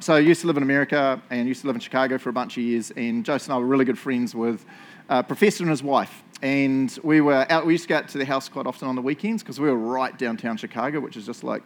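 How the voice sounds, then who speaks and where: A man's voice: medium pitch, quick pace. A middle-aged man with a New Zealand accent, preaching a sermon in a casual, self-mocking storytelling way. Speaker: pastor.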